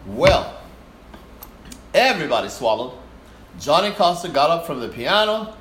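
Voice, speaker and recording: A man's voice: a little high, fairly quick. An older man, a guest performer, telling a story in conversation and acting out the voices of the people in it. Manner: animated storyteller, acts out voices. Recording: echoey room, faint hiss.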